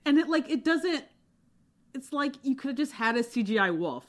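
Woman, podcast co-host, animated, laughing, exasperated, casual chat. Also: sits high, moderate pace. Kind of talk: casual book discussion podcast.

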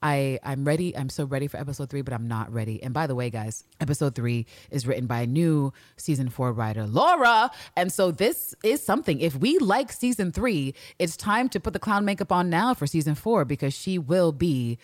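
A woman co-hosting a podcast, recapping a TV episode in casual, animated chat, swearing freely and acting out characters' lines. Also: low voice, fairly quick, few pauses, no room sound, clean studio sound. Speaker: podcast co-host.

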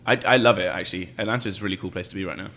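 A man's voice: low voice, rapid-fire, a bit bright, slight background noise. A man from England with an accent from Bath, an actor chatting as an interview guest, with many fillers and frequent laughter. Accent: English, from Bath. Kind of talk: casual interview chat.

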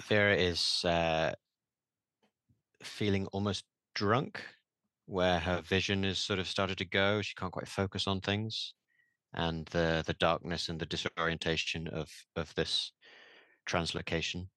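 A man playing in a tabletop game, describing his character in a halting way with fillers. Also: low voice, fairly even intonation, sharp tone, no room sound. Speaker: player.

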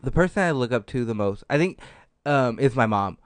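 A man's voice: medium pitch, expressive, brisk, no echo. A man on a casual podcast, answering questions thoughtfully and hesitantly, with many fillers. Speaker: podcast co-host and improv performer.

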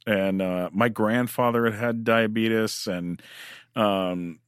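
A man with a somewhat low voice tells a long personal story in casual conversation. He stumbles and restarts often as he rambles along. The recording is dry and close, with no room sound. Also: slow, clean tone, dry recording. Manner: rambling, animated anecdote-telling with many restarts. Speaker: actor.

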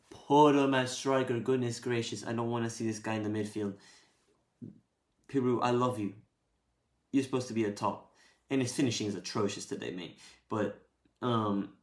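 A man's voice: mid-range voice, a little mellow, reverberant. A man giving a blunt, exasperated post-match rant as a football fan podcaster, swearing and venting.

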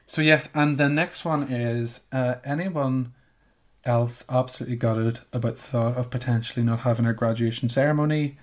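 Man, 20s, podcast co-host, mid pitch, halting easygoing chat. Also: fairly even intonation. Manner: hesitant, many ums and restarts.

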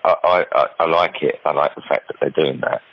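Male guest, deep gravelly husky voice, stammering restarts, muffled audio. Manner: halting, repeats words while starting sentences. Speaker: charity founder, barber guest. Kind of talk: casual conversation.

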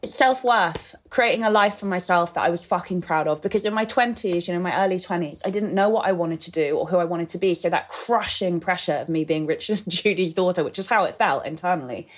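A woman's voice: lowish voice, brisk, few pauses. Frank English woman in her thirties. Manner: frank, animated, swears casually. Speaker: podcast guest. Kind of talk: candid podcast conversation.

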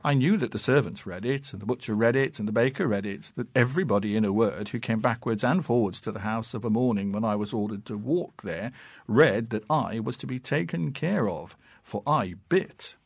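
A man reading classic fiction aloud in a measured, unhurried and expressive way. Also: medium pitch, gravelly, dry recording, studio quality. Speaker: narrator.

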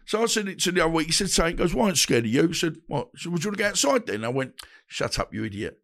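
A man's voice: on the high side, very animated, rapid-fire, a bit bright. A man, telling stories bluntly in a casual interview and acting out the dialogue he quotes. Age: 50s. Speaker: guest, boxer.

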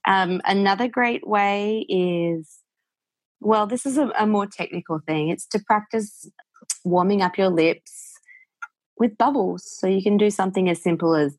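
A woman's voice: mid-range voice, a little slow, dry recording. An Australian woman, a voice coach, explaining in a loose, encouraging way with plenty of fillers. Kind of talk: conversational interview.

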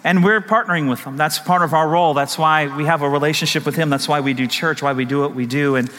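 A man's voice: on the high side, quick pace, fairly bright tone. A middle-aged man preaching a sermon as pastor, talking conversationally with rhetorical questions and stories. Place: church sanctuary. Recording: long hall reverb.

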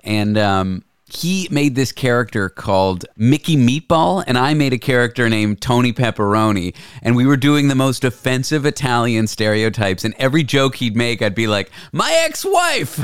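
A man hosting a casual podcast, telling stories in an animated, teasing way. His voice is smooth and resonant, recorded close and completely dry. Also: mid-range voice, moderate pace, no room sound. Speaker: host.

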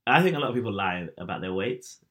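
A man's voice: low-pitched, very animated, quick pace, fairly bright tone. A young man in casual chat who talks in a chatty, teasing way and laughs often.

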